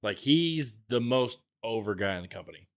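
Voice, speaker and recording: A man co-hosting a casual podcast, relaxed and chiming in with short agreements and quick remarks. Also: medium pitch. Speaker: podcast co-host. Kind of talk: casual chat.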